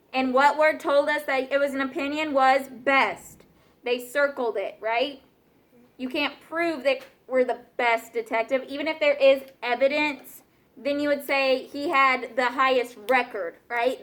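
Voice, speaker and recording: A woman's voice: sits high, fairly bright tone. A woman teacher giving patient classroom instructions, often checking in with her students.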